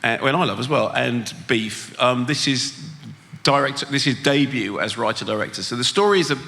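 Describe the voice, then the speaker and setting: A man co-hosting a live show, giving a measured film review. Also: mid-range voice, expressive, vocal fry, bright, forceful tone. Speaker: co-host and critic. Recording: reverberant live hall.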